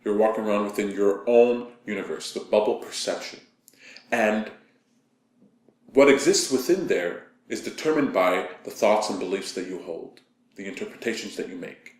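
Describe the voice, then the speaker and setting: A man from Canada giving a calm, conversational motivational talk, telling stories to make his point. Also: lowish voice, moderate pace. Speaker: motivational speaker. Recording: echoey room.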